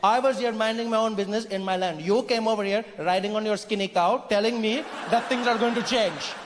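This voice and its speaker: A man's voice: sits high, steady tone, fairly quick, natural voice. A comedian voicing a blunt, mocking local man, unbothered and teasing. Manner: blunt, mocking, matter-of-fact. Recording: echoey venue with faint noise.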